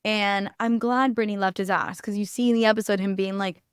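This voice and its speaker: A young woman hosting a podcast, giving blunt, animated opinions in casual chat, swearing freely and saying "like" often. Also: mid-range voice, fairly quick, smooth, no room sound, clean studio sound. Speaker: podcast host.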